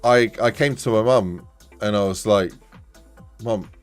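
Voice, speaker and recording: A man's voice: on the low side, normal speed, faint music behind. A man in his thirties, casually telling a rambling anecdote on a live stream, laughing often.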